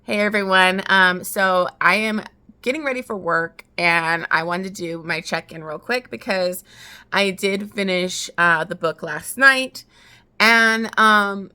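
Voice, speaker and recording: A woman with a bright, clear voice talks through a novel's plot for her vlog. She rambles casually, peppering her sentences with likes and ums, and sits at a middling pitch. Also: measured pace. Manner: chatty, lots of likes and ums. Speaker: book vlogger. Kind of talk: casual book recap. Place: at home getting ready for work.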